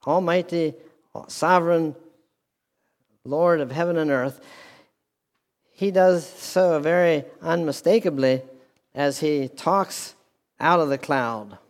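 Slow-paced preacher in a reverberant hall. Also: male voice, a little high. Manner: deliberate preaching with repeated phrases and restarts. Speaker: pastor. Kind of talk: sermon. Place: church hall with a speaker system.

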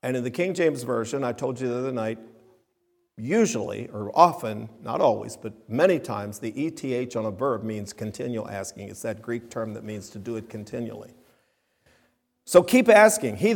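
A man's voice: mid-range voice, expressive, moderate pace, vocal fry. A man preaching a sermon with emphatic, rising and falling delivery. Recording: long reverb of a hall.

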